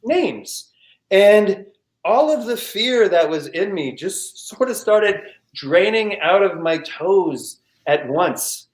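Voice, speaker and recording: A man recounts a personal story for a live storytelling show, his voice sitting a little high for a man. He talks in a rush of restarts and mouthed sound effects. The sound is echoey, as if from a bare room over a video call. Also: slow pace. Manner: animated, frequent restarts, vocal sound effects.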